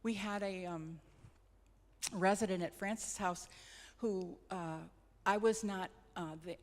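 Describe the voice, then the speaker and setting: Middle-aged woman, gentle reflective storyteller. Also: mid-range voice, steady tone, takes it slowly. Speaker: hospice nurse speaker. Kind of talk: personal storytelling talk. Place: church hall. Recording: long hall reverb.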